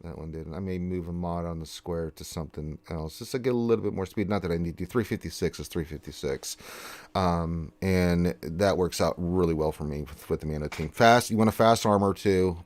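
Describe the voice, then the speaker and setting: Low-voiced man hosting a casual stream. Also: brisk, a little mellow. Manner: reads chat aloud and greets viewers, chatty with many fillers. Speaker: livestream host. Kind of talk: casual livestream chat.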